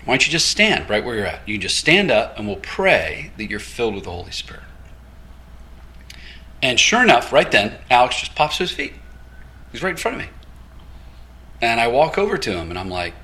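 Man preaching a lively, animated sermon. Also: medium pitch, a little fast, long pauses. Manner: animated storytelling with quoted dialogue and light laughter. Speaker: guest preacher. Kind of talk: storytelling sermon.

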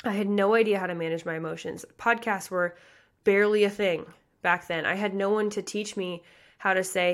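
A woman's voice: medium pitch, steady tone. A woman in her thirties from the American Midwest, a pageant coach talking passionately and chattily on her podcast. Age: 30s. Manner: passionate, fast, chatty with many likes and you guys. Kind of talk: motivational podcast talk.

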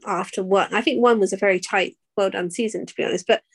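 A woman's voice: mid-range voice, fairly even intonation, fast, vocal fry, slightly rough. A woman co-hosting a podcast in casual chat, easygoing and trailing off as she hedges her opinions. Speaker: podcast co-host.

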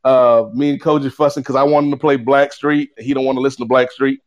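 A man telling a funny story in casual chat, animated and acting out the people in it. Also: fast talker, lo-fi sound, background noise. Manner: lively, acts out quoted voices with big pitch swings. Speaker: guest co-host.

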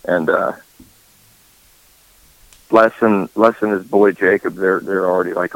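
A man with a lowish voice tells a fishing story in a dry, close recording. He stumbles over repeated words before finding his stride, in a casual chat. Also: fairly even intonation, no echo, low-quality recording. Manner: halting, repeats words before getting going. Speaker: podcast co-host.

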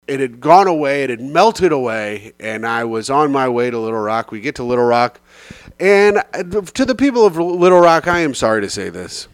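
A man hosting a podcast, telling road stories in an animated, casual comic style with swearing. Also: a little high, dry recording, studio quality. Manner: animated, swearing, slips into quoted voices. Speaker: podcast host.

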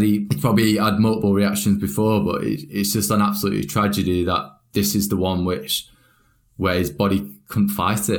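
A low-pitched man leads a casual interview. He talks loosely and leans on fillers as he works his way through his questions. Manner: relaxed, filler-heavy speech with lots of "like".

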